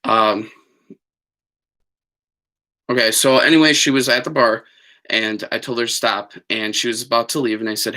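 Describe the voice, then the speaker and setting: A man's voice: medium pitch, fairly even intonation, normal speed, long pauses, pushed and bright. A man telling a story on a live stream in a chatty, digressive way, with lots of fillers and apologies. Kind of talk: rambling casual storytelling.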